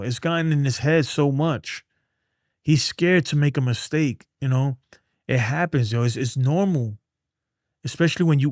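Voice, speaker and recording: A man's voice: on the high side, no room sound, clean studio sound. A man who is a streamer, breaking down a baseball game in loose, slang-filled casual talk, reading chat as he goes. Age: adult with a son.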